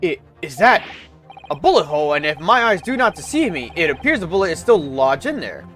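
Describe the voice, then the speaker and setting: A man playing a stately old judge who speaks in a measured, formal way. His voice sits high and moves lively through each line. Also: soft background music. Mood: inquiring.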